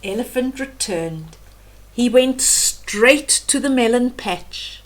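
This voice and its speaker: A woman's voice: fairly high pitch, expressive, slow pace, a little hiss or hum. An older woman reading a children's bedtime story aloud as storyteller, with chatty asides about the pictures.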